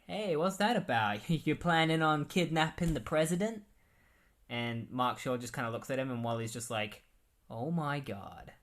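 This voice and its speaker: A man's voice: medium pitch, a bit bright. A man giving a casual, rambling recap of comic books, full of "like" and "um". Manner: rambling, filler-heavy. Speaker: comic book reviewer.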